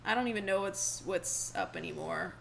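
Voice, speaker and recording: A woman's voice: fairly low pitch, normal speed, vocal fry, a bit bright, slight background noise, low-quality recording. A young woman in her twenties, co-hosting a podcast in casual, chatty, slangy talk. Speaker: podcast co-host. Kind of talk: casual chat.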